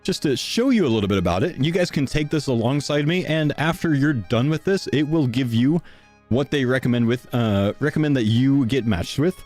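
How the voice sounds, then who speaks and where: A young man streaming live, a little out of breath as he chats his way through a sponsor segment. His voice sits at an ordinary middle pitch, loose and conversational. Faint music plays behind him. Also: lively intonation, a little fast, darkish tone. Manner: casual, chatty, talks to chat.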